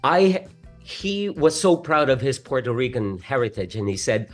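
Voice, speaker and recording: A man with a Filipino accent, a stage actor talking earnestly in a casual chat, excitable and stumbling over restarts. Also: mid-range voice, normal speed, soft background music. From Philippines. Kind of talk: casual conversation.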